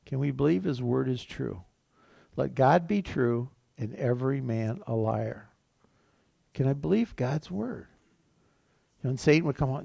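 A pastor preaching a sermon, his voice gravelly and full of fry at the ends of phrases. He talks in a middle register and now and then acts out the whispered lies of temptation. The sound is dry, with no room echo. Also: medium pitch, animated, a little slow, long pauses, mellow. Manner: preaching with acted quotes of temptation, rising and falling.

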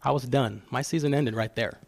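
A middle-aged man with a medium pitch and some vocal fry speaks a little fast, with no echo. As a guest speaker at church, he tells personal stories about fatherhood, restarting often.

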